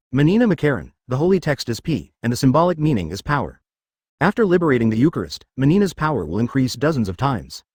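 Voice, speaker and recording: A man's voice: mid-range voice, a little mellow, no echo, clean studio sound. A man reading a web novel aloud as narrator, dramatic with stiff translated phrasing.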